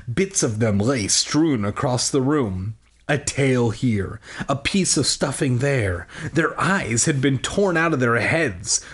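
Give me a man reading a children's horror story aloud for comedy, deadpan with rambling asides. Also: mid-range voice, husky. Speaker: reader and host.

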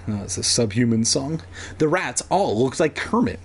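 A man's voice: medium pitch, moderate pace, creaky, slightly rough. A young man reading a children's horror story aloud as host, breaking off for joking asides. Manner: lively, joking, swears in asides.

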